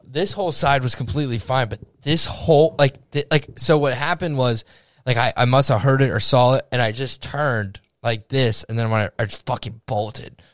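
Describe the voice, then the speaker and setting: A young male podcast co-host tells a story in casual chat, animated and swearing as he acts out what people said. He speaks at medium pitch and a moderate pace, in a dry, studio-quality recording.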